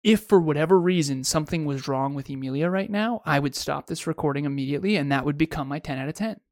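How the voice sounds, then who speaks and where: Male podcast co-host, casual storyteller, slightly high voice, dry close-miked sound. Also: fast talker, dry recording. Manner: storytelling, self-correcting restarts.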